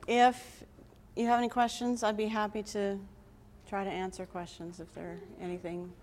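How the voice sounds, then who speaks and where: A woman's voice: mid-range voice, little pitch movement, normal speed, darkish tone. A woman giving an earnest, heartfelt presentation to a live audience. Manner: reads scripture aloud with emphasis. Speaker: conference presenter.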